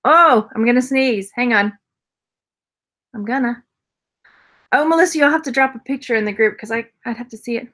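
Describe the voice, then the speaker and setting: A woman's voice: a little high, moderate pace, pauses often, a bit bright. A woman casually chatting through a jewelry unboxing haul as a reseller vlogger, rambling, laughing often and answering viewer comments. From Texas.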